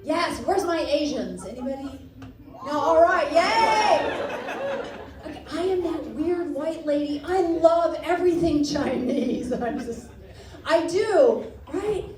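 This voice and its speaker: A woman from Texas doing a stand-up comedy set, animated and self-mocking, breaking into laughter. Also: high-pitched, measured pace. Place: comedy club stage before a laughing audience. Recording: roomy club sound, distant mic, loud crowd.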